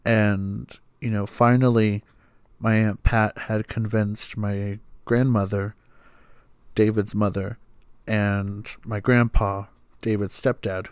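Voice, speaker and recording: A young man rambles through a personal story as a podcast host. His voice sits fairly low, and he leans on fillers and casual swearing. The recording is dry and close to the mic. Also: smooth, no room sound. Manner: rambling, many fillers, swears, laughs while telling.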